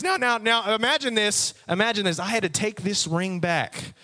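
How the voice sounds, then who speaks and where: A young man preaching a personal testimony to a youth audience, with lively storytelling and frequent direct asides. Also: high voice, normal speed. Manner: animated storytelling, addresses the audience. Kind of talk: sermon testimony.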